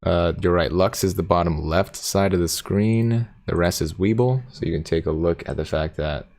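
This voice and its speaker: Male streamer, low voice, casual and playful, reads chat comments aloud. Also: normal speed, darkish tone. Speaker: livestream host reading chat.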